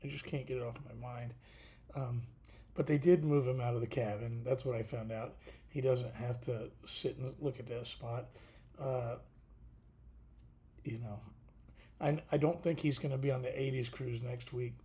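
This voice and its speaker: A tired man hosting a casual livestream, talking haltingly with many fillers and restarts. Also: mid-range voice, steady tone, warm tone. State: tired, yawning. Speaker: podcast host.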